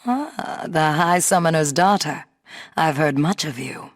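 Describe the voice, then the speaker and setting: An actress voicing a proud veteran woman summoner who speaks as a calm, stately mentor in a game. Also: low voice. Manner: stately, measured. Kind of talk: game voice acting.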